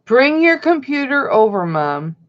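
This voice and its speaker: A woman's voice: high voice, big pitch swings, unhurried. A middle-aged woman, hosting a casual livestream chat and reading viewer comments aloud. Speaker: livestream host. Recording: dull lo-fi sound.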